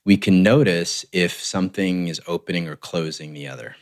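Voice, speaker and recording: Man, very low voice, relationship coach, measured explanations, podcast interview. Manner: measured, explanatory, often tags "right?".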